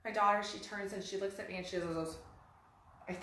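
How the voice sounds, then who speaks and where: A woman in her forties co-hosting a casual talk, telling stories in an animated way and repeating her phrases. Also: mid-range voice, fairly quick. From Texas. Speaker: podcast co-host. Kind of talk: casual chat. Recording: very echoey room.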